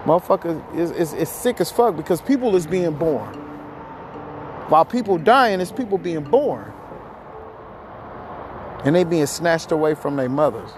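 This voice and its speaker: A man's voice: a little high, big pitch swings, moderate pace, long pauses, noisy background. A man hosting a podcast, ranting heatedly with lots of profanity and a rambling flow, somewhat out of breath. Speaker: podcast host. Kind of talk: ranting monologue.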